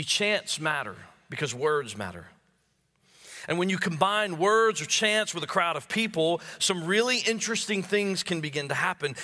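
A male pastor preaching a sermon. He stammers and repeats words as he builds emphasis, then drops to low hushed tones on key phrases. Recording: long hall reverb.

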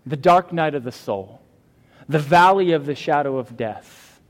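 A man's voice: fairly high pitch, unhurried. A man preaching a sermon as a pastor, earnest and emphatic, with fillers and restarts. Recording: long hall reverb.

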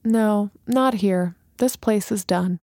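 A woman's voice: medium pitch, slow pace, a little mellow, dry recording, clean studio sound. A woman doing a serene, knowing mystic. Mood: calm, knowing. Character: calm, mystical woman, amused and unbothered.

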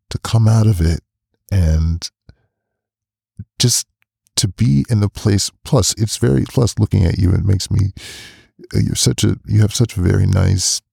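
A man hosting a podcast interview, talking warmly and effusively, stumbling over restarts. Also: low voice, vocal fry, slightly rough, no room sound, studio quality. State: emotional. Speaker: podcast host. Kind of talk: casual interview chat.

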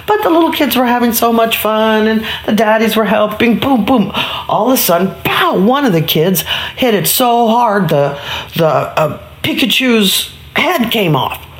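A woman telling a children's story in a casual, animated way, with many restarts and playful sound effects. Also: mid-range voice, normal speed. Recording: roomy echo.

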